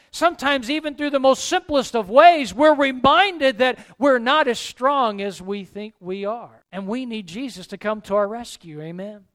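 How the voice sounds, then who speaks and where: High-voiced, smooth male preacher. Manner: preacherly, rising to emphatic calls and dropping to soft asides. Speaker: pastor. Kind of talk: sermon.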